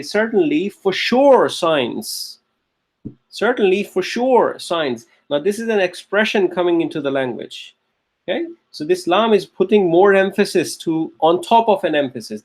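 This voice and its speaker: Man teaching a grammar class. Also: high-pitched. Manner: repeats key phrases, checks in with "okay?" and "right?". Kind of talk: classroom lecture.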